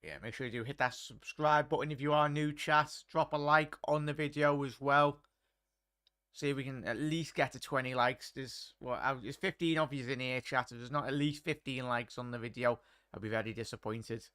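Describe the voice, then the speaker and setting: A man's voice: medium pitch, steady tone, normal speed, fairly bright tone, no room sound, studio quality. A young man hosting a live match watchalong, commentating casually and chatting to viewers. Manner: chatty, laddish, reads chat aloud. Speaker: watchalong host.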